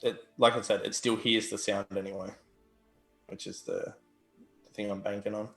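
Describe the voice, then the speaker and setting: A man with a gravelly voice, a laid-back player in a tabletop game, hesitant as he works out his plans. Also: on the low side, little pitch movement, moderate pace, fairly bright tone, echoey room, soft background music. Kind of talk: casual tabletop game play.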